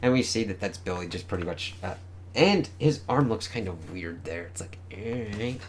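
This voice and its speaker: A man's voice: on the low side, expressive, normal speed, a little hiss or hum. A man giving a casual, profane spoken review of a comic book, chatting offhandedly between panels.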